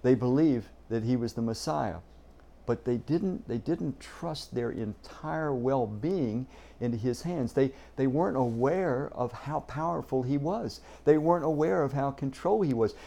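Male pastor giving a sermon, earnest and emphatic, warm mellow voice, stumbles on repeated words. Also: mid-range voice, unhurried, creaky.

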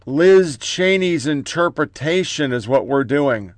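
A man's voice: high voice, animated, unhurried, soft background music. A man hosting a political commentary show, reading out headlines in short clipped bursts with profane, mocking asides.

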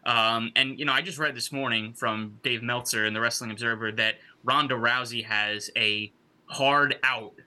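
Very bright-toned male co-host. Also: mid-range voice, steady tone, normal speed. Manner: rambling, frequent fillers, swears. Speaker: podcast co-host. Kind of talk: casual wrestling talk.

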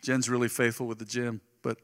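A middle-aged man preaching a sermon to his congregation, telling stories animatedly and moving between loud bursts and soft, quiet asides. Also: medium pitch, little pitch movement, brisk. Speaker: pastor. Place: church sanctuary. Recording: live church sound with long reverb.

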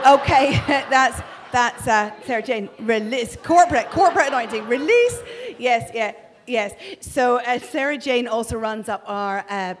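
Northern Irish woman preaching at church. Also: fairly high pitch. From Northern Ireland. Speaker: prophetic minister. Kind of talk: lively church talk to a congregation. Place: church hall. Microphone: handheld mic.

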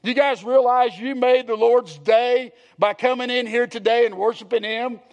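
A man's voice: very high voice, steady tone, normal speed, muffled recording. A man, a pastor preaching a sermon to his congregation, earnest and repetitive, asking the room questions. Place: church sanctuary.

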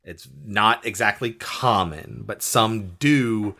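A man casually recapping a movie on a podcast, animated, swearing and acting out lines. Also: on the low side, slow pace, creaky. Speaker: podcast co-host.

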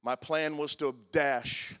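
A pastor in his sixties preaching a confessional sermon, moving between loud emphatic lines and hushed, soft passages. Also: a little high, steady tone, takes it slowly. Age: 60s.

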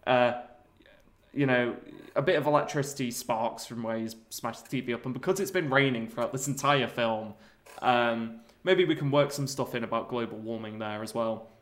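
A man's voice: medium pitch, moderate pace. A man co-hosting a podcast over a video call, telling a comic story with lots of laughter. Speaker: podcast co-host. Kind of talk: casual comedic chat.

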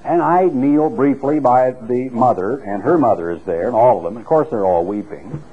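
A man's voice: lively intonation, moderate pace, slight background noise. Earnest male preacher on tinny radio. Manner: earnest, storytelling, rises in pitch for emphasis. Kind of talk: sermon. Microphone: clip-on microphone. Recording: tinny phone-like radio recording.

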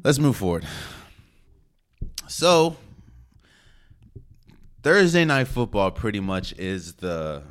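Animated low-voiced man hosting a podcast. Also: slow pace, long pauses, clear, resonant tone. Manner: casual, animated, slangy and opinionated. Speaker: podcast host. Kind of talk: solo sports podcast.

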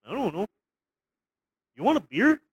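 A man's voice: sits high, sing-song, unhurried, breathy edge, dull audio, voice pushed up, exaggerated voice. A man voicing a chummy, polite male Canadian figure in a put-on Canadian accent. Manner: chummy, offhand, mock-polite. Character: friendly male Canadian neo-Nazi, polite and folksy.

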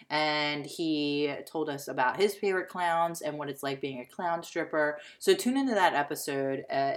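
A young woman co-hosting a casual comedy podcast, joking crudely and breaking into loud outbursts. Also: low-pitched. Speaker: podcast co-host.

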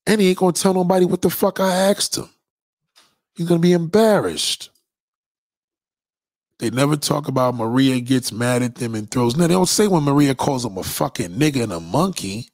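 A man's voice: on the high side, normal speed, darkish tone, no room sound, clean studio sound. A man hosting a blunt, profane ranting monologue to his viewers. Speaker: host.

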